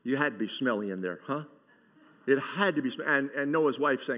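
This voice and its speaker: A man's voice: medium pitch, lively intonation, brisk, fairly bright tone. A man preaching a sermon to his congregation, talking in a loose, joking way and often asking them for an amen. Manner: conversational and joking, asks the congregation for responses. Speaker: pastor. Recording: dull sound with long hall reverb.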